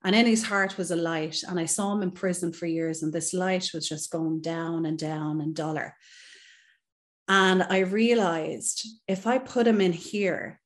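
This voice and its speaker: A woman, a psychotherapist guest on a podcast, telling her personal story in an earnest, reflective way with many "you know"s. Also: on the low side. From Ireland.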